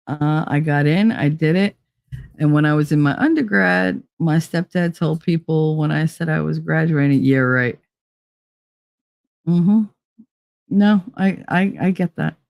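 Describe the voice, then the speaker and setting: A woman's voice: sits low, gravelly, a little mellow, no room sound, studio quality. A woman in her forties hosting a casual live-chat show, chatty and teasing, laughing often as she reads comments. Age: 40s. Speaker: host.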